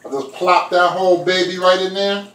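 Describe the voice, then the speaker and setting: A man's voice: high voice, little pitch movement, moderate pace, a bit bright, roomy sound, rough recording. A man chatting casually to his viewers while he makes food in his kitchen, talking to them directly. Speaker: vlogger. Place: home kitchen.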